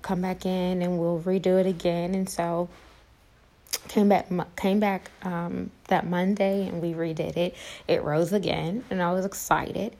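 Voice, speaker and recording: A young woman telling a personal story to her viewers, halting with many fillers and restarts. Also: on the low side, warm tone, rough recording. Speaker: vlogger.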